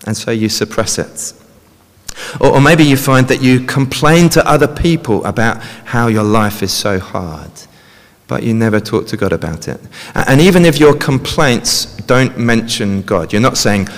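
A man's voice: mid-range voice, animated, moderate pace. Male preacher in a reverberant hall. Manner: conversational, frequent tag questions. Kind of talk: sermon. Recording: long reverb of a large hall.

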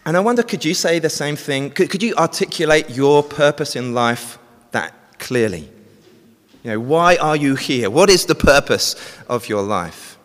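Male preacher, storytelling sermon, medium pitch, long reverb of a church hall. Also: expressive, normal speed, a bit bright. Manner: storytelling, asks the congregation questions.

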